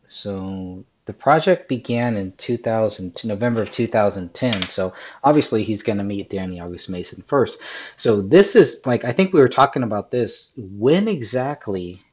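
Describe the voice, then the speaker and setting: A man hosting a podcast discussion, methodical and hesitant with frequent ums, his voice slightly hoarse. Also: on the low side, expressive, normal speed, a little mellow. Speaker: podcast host.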